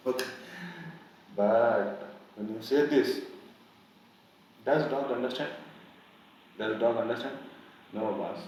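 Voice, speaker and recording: A man teaching a coding class, repeating himself and explaining with homely analogies. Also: lowish voice. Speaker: programming teacher. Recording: echoey room from far off, faint noise.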